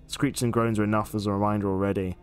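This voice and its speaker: A man reading out a weary, sardonic male tavern regular from a game in a lowered voice. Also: little pitch movement, fast talker, clear, resonant tone, faint music behind, lightly acted. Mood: grumbling. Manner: sardonic, grumbling.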